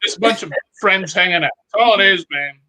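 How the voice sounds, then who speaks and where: A guest man joins a casual chat with short, jokey asides. His voice is high for a man and very bright. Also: quick pace, poor audio. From Midwest US.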